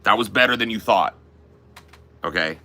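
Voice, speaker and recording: A young man chats on his podcast in a laid-back, profane way, tossing in dude and bro. His voice sits a little low and is strikingly bright. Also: normal speed. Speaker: podcast host. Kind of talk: casual chat.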